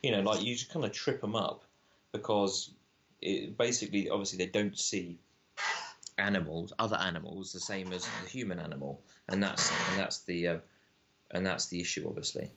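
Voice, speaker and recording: A man's voice: sits low, fairly even intonation, normal speed, a bit bright, a little hiss or hum. A man, a film director guest, arguing animatedly in casual conversation and often restarting his sentences.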